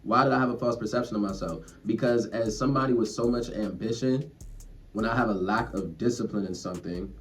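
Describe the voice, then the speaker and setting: Low-voiced man ranting, mic far off. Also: fairly quick. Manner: rambling, profane, earnest, self-reflective. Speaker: vlogger. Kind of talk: casual rant to camera. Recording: distant mic, faint music behind.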